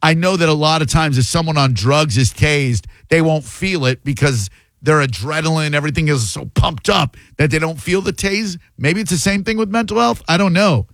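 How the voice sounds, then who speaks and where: A man's voice: a little high, moderate pace, fairly bright tone, no room sound. A man hosting a radio call-in show, giving blunt opinions and joking with callers into a studio microphone. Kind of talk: talk radio commentary.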